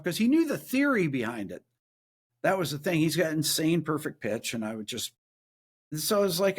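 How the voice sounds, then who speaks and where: A man, a guest musician and producer, telling a story casually in a podcast interview and acting out quoted voices in a higher pitch. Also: sing-song, a little fast, breathy edge.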